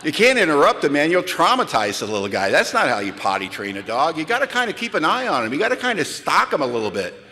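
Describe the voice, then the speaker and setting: A man giving a humorous storytelling talk at a large event, animated and comic, acting out the voices in his stories. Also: on the high side, quick pace. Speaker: recovery speaker. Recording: live talk in a reverberant hall.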